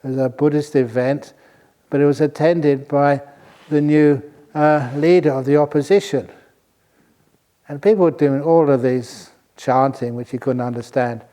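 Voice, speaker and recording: Older monk telling a playful story. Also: male voice, mid-range voice, steady tone, moderate pace, warm tone. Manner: chuckling, playful storyteller with audience asides. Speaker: monk teacher. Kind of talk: dharma talk with humorous storytelling.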